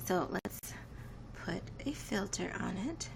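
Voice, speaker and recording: A woman's voice: mid-range voice, animated, slow pace, vocal fry, noisy background. A woman in her twenties chatting casually on a live stream, rambling and reacting to viewer comments. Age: 20s. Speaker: livestreamer.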